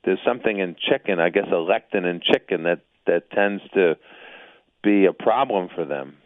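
A man's voice: deep voice, normal speed, no room sound. A man hosting an interview, a doctor who asks loose, musing questions. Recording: dry, phone-like line.

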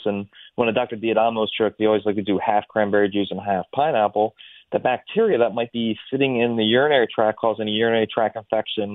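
Man, low voice, rambling explanatory talk, tinny phone-line sound. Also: no echo. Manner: explains at length with many fillers. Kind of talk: casual explanatory interview.

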